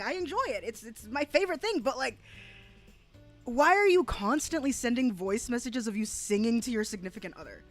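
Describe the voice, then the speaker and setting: At home in a rural area, a woman streamer gives casual reaction commentary in a fairly quick, high-leaning voice, with faint music behind her. She rants animatedly, swears freely and keeps breaking into laughter.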